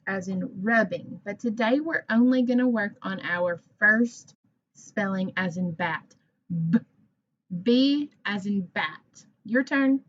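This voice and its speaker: A woman teaching a phonics lesson to young children, speaking clearly, modeling sounds and encouraging them. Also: mid-range voice, lo-fi sound.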